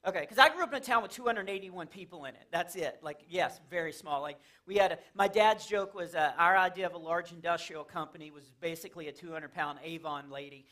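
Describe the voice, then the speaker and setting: A man's voice: high voice, quick pace, few pauses, pushed and bright. A man performing a stand-up comedy set in a church, telling stories animatedly, acting out characters and laughing at his own jokes. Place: church stage before a laughing audience.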